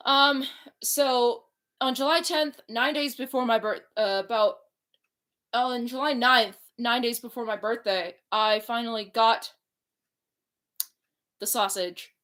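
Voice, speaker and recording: A woman's voice: a little high, steady tone, takes it slowly, pauses often, fairly bright tone. A young woman talking casually as a YouTuber, rambling with many fillers and restarts into a computer mic. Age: young adult. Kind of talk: casual chat.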